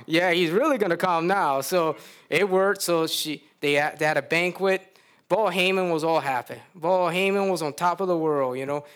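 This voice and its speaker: A man's voice: a little high, normal speed, fairly bright tone, clean tone. A man with a Louisiana accent preaching a sermon in a folksy storytelling way, acting out the characters.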